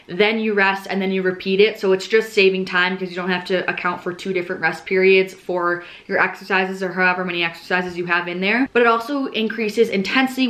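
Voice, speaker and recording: A woman's voice: medium pitch, fairly bright tone. Chatty upbeat young woman trainer. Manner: chatty, upbeat, many "like" fillers. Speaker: fitness vlogger and certified personal trainer. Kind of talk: casual chatty explanation to camera.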